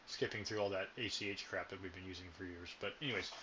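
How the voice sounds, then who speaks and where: Rambly podcast co-host, man, lowish voice, muffled recording with light noise. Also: fairly even intonation, quick pace, pushed and bright. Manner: rambling, jokey, trips over words. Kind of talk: casual podcast chat.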